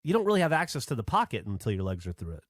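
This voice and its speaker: A man tells a story on a podcast with lively, swinging pitch and loose, filler-packed delivery. He sounds close and dry on a studio mic. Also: rapid-fire, no room sound. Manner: animated storytelling, lots of fillers. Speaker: podcast host. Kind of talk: casual chat.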